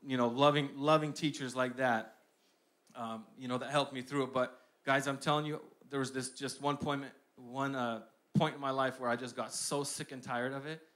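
A young man preaching a sermon, shifting between hushed personal storytelling and loud, emphatic declarations with lots of repetition. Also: medium pitch, fairly even intonation, moderate pace.

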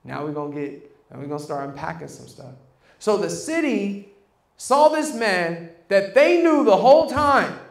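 A man's voice: high voice, lively intonation, normal speed, gravelly, roomy sound. A man preaching a sermon as pastor, calling out questions to the congregation and waiting for them to answer.

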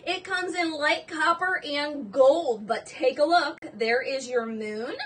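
A woman hosting a live jewelry sale stream, gushing and excitable, exclaiming over each piece. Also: high voice, slow pace, distant mic, a little hiss or hum.

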